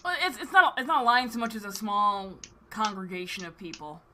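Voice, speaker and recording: A woman narrating as game master for a tabletop game, unhurried and halting, with frequent fillers. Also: mid-range voice, big pitch swings, bright, forceful tone, slight background noise.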